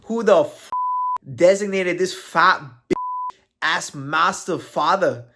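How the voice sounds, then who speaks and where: A man's voice: sits high, lively intonation, slow, noisy background, voice pushed up, full character voice. A man putting on the voice of a brash, mocking male fighter, reading a post aloud and laughing through the lines. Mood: taunting.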